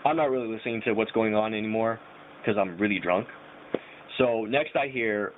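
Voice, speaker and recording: A man's voice: fairly low pitch, moderate pace. A young man casually telling a rambling personal story, full of slang and fillers. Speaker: vlogger. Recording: tinny phone-like audio with faint hiss.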